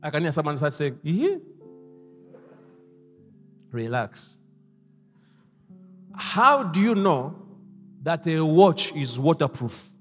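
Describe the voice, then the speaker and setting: A man preaching a sermon as pastor, leading the congregation to repeat his lines and moving between hushed asides and loud exclamations. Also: fairly high pitch, sing-song, takes it slowly, pauses often, faint music behind. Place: church hall. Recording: reverberant church hall.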